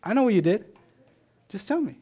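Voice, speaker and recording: A man voicing God, soft and coaxing. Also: high-pitched, very animated, fairly quick, slightly rough, highs cut off, voice pushed up, heavily acted. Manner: soft, coaxing, repeated short lines. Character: patient all-seeing God, gently coaxing a confession.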